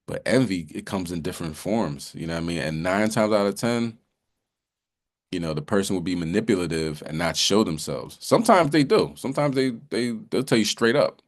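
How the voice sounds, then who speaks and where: A man's voice: low voice, expressive, fairly quick. A man giving a casual bible lesson, talking in a loose, conversational way with many restarts and repeated "you know"s. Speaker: religious teacher.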